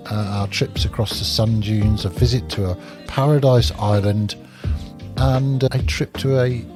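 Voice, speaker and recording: Male vlogger outdoors; casual, jokey, sweary delivery, handheld camera sound, faint music bed. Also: fairly low pitch. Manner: chatty, jokey, swears freely. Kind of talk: casual travel vlog. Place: outdoors on a cycling trip.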